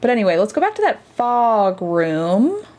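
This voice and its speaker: A woman's voice: medium pitch, big pitch swings, moderate pace, darkish tone. A woman streamer chatting casually and reacting aloud as she plays a game. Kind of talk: casual let's-play commentary.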